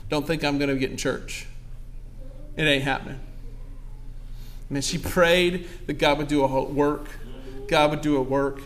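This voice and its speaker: A man's voice: a little high, little pitch movement, unhurried, long pauses, a bit bright, slight background noise. A young pastor preaching a sermon to his congregation, calling out asides and asking for amens. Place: church sanctuary.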